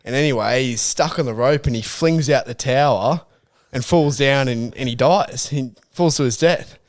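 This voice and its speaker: A man's voice: medium pitch, normal speed. A young Australian man co-hosting a casual podcast, telling a long joke loosely and laughing at it himself. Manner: laughs at his own jokes, loose storytelling. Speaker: podcast co-host.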